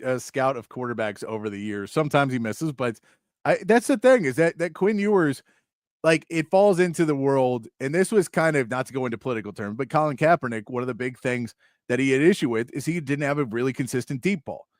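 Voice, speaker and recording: A man's voice: medium pitch, lively intonation, fairly quick, no echo, studio quality. Chatty male sports talk host. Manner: chatty, laughs often, rambling asides.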